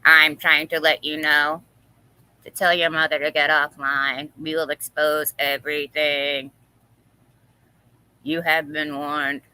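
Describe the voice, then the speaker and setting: A woman voicing a menacing anonymous caller who disguises her voice, speaking slowly and flatly. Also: sits low, smooth, voice pushed down, full character voice, poor audio.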